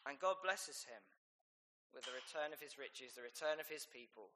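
A man preaching a sermon, reading scripture aloud and rising to loud, emphatic peaks. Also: medium pitch, normal speed, background noise. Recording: long hall reverb.

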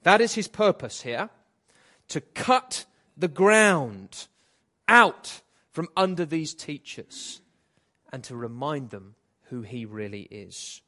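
A man preaching an expository sermon, reading scripture and paraphrasing it in a lively, dramatic way. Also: a little high, slow.

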